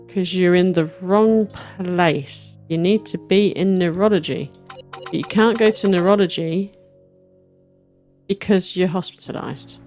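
A woman's voice: on the low side, a little mellow. A woman giving casual let's-play commentary, chatting to herself and to the game's characters and laughing now and then. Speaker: gaming channel host.

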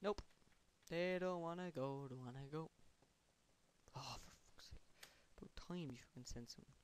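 A man's voice: on the high side, slight background noise. A man giving casual, rambling gameplay commentary, sarcastic and chanting words under his breath. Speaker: gamer.

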